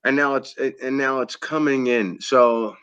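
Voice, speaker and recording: A man's voice: mid-range voice, steady tone, a little slow, a bit bright, smooth. A man with an American East Coast accent hosting a casual interview, talking emphatically and repeating himself. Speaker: host. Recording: lo-fi muffled audio.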